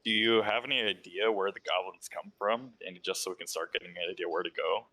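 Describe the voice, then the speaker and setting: A man playing a tabletop game, calm and matter-of-fact in casual chat. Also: sits low, brisk, dry recording, rough recording. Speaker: player.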